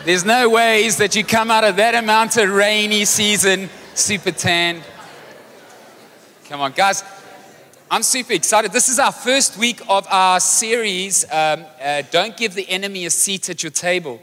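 A man preaching a sermon as pastor, animated and joking as he tells a story. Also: high-pitched, unhurried. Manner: energetic, animated storytelling with jokes. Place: large church hall. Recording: live church hall reverb with music.

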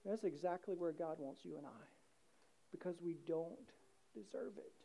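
A man's voice: fairly high pitch, moderate pace, creaky, warm tone. A man preaching a sermon with passionate, rising emphasis. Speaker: pastor.

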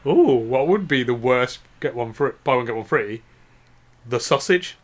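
A man's voice: medium pitch, animated, moderate pace. A man chatting casually on a podcast, joking, giggling and rambling through wordplay. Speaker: podcast co-host. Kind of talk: casual comedic chat.

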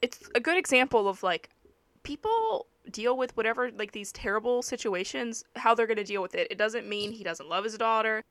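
A young woman telling a story in a casual podcast chat, with many fillers and lively asides. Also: on the high side, normal speed, dry recording. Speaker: podcast co-host. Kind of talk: casual true-crime chat, reading aloud.

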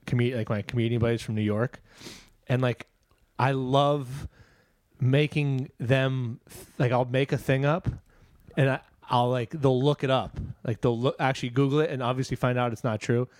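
A man chatting casually with friends, telling a rambling prank story and laughing between lines. His voice is mid-pitched and the sound is dry and close. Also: fairly even intonation, moderate pace, a little mellow, no echo. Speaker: comedian. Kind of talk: casual chat.

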